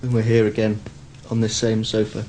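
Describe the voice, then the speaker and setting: A man's voice: on the low side, brisk, a little hiss or hum, low-quality recording. A young man in his twenties, a band member, chatting candidly and wryly in a casual interview. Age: 20s. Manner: relaxed, candid and wry.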